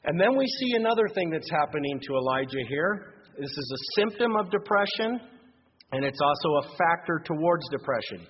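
A pastor preaching a sermon, moving between lively emphasis and quiet asides. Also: male voice, high voice, slightly rough. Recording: dull lo-fi recording in long-reverb hall.

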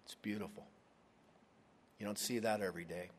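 A man's voice: lowish voice, fairly even intonation, moderate pace, a little hiss or hum. A man preaching a sermon, retelling a story expressively and acting out the voices of its characters. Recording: long hall reverb.

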